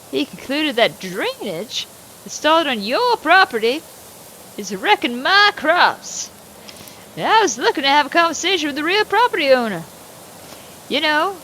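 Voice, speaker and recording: A woman's voice: high voice, pushed and bright, slight background noise, pitched above the performer's own voice, full character voice. A woman voicing a hot-tempered older male farmer with a blustering drawl in a game.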